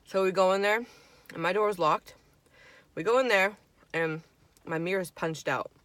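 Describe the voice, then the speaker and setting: A woman's voice: lowish voice, moderate pace, fairly bright tone, no room sound. A woman in her twenties telling a casual storytime while eating, chatty and profane, acting out her friends' lines. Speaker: vlogger.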